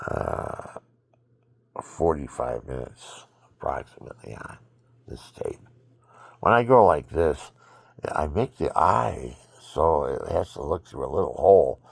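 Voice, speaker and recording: A sleepy, exhausted man rambling through a religious monologue into his phone at home, swinging from loud bursts to murmurs. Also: rumbling low, vocal fry, no echo. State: sleepy, extremely tired. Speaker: vlogger.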